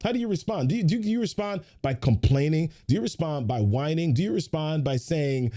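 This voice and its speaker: A man's voice: on the high side, expressive, fairly quick, few pauses, dark tone. A man hosting a weekly motivational livestream, giving a pep talk full of repeated rhetorical questions and chatty greetings to viewers.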